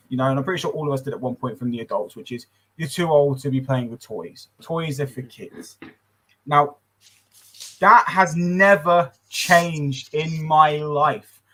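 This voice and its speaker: A man's voice: mid-range voice, fairly bright tone, poor audio. A man, chatting casually on a podcast, rambling and swearing freely. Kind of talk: casual chat.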